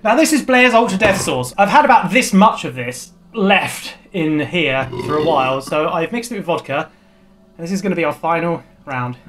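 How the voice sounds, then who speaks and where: A man's voice: on the high side, animated, normal speed, a bit bright, faint music behind. A man hosting a comedy hot sauce challenge, talking in a jokey, rambling, theatrical way. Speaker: show host.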